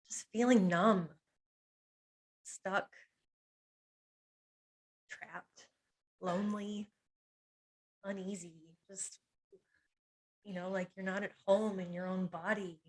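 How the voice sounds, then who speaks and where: The audio is poor, and a woman's medium-pitched voice moves slowly and fairly evenly, with long pauses. A hypnotherapist, she teaches a masterclass on emotional pain in an earnest, confiding way drawn from her own life, listing painful feelings singly in short, weighted phrases broken by small laughs.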